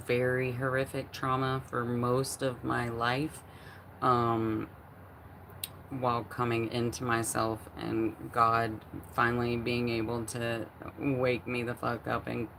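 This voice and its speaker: A woman's voice: rumbling low, level tone, takes it slowly, fairly bright tone, slight background noise. A woman in her forties hosting a casual livestream at home, chatting and answering her chat in a rambling way, full of fillers and restarts. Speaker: livestream host.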